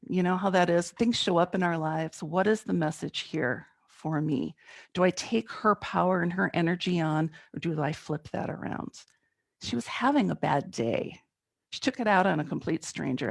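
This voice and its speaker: A middle-aged woman guest speaker giving a conversational sermon, telling a personal story in an animated way and laughing at herself. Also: lowish voice, vocal fry, no room sound.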